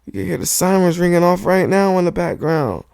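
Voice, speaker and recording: A man's voice: high-pitched, brisk, gravelly, a little mellow, clean tone, no room sound, clean studio sound. A man hosting a podcast, delivering a heated, profane monologue rant and hammering the same point over and over into a microphone. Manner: heated, profane, repetitive insistence. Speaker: podcast host. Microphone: studio microphone.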